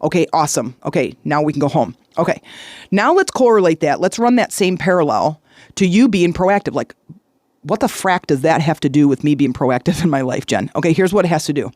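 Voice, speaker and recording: A woman's voice: deep voice, animated, fairly quick, darkish tone, no echo. Chatty woman podcaster, dry close sound. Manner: chatty storytelling, checks in with "okay?" and "right?". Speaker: podcast host. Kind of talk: solo podcast monologue.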